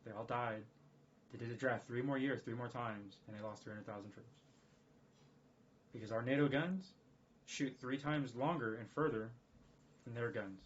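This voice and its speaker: A man's voice: mid-range voice, moderate pace, pauses often. Man, livestream rant, rambling, swears a lot, dull lo-fi sound, faint background hum. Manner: profane, rambling, excitable. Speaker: streamer. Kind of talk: casual livestream monologue. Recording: dull lo-fi stream audio.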